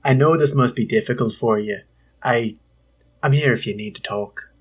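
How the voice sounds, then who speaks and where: A man doing a gentle, caring young woman companion. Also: medium pitch, level tone. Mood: tender. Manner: halting, self-conscious attempt at an accent.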